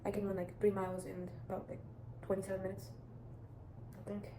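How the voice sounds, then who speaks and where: A teenage girl vlogger offers casual advice briskly, in a warm but monotone voice, rambling chattily with many restarts, circling back, and lots of "like." The echoey, roomy recording carries clear background noise.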